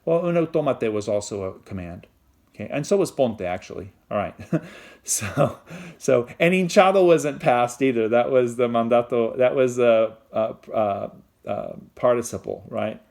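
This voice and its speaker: A man's voice: medium pitch, moderate pace, gravelly, darkish tone. A man teaching a Spanish grammar lesson in a casual, step-by-step way, full of fillers and check-ins, moving between English and Spanish. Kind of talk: recorded classroom lesson.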